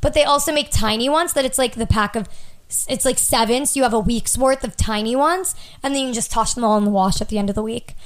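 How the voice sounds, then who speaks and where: A woman's voice: on the high side, quick pace. A woman co-hosting a casual podcast, rambling and filler-heavy, close to the mic. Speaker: podcast co-host. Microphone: close studio mic.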